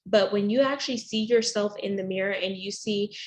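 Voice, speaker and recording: A woman's voice: medium pitch, a little fast. Woman coaching with affirmations. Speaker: life coach guest. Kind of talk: motivational podcast interview.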